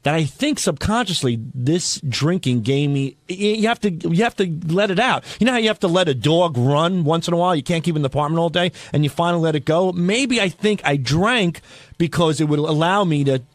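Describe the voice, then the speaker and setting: Rambling high-voiced New man. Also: lively intonation, a little fast, dry recording. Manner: rambling, self-deprecating storyteller. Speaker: radio show staffer. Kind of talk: radio studio banter.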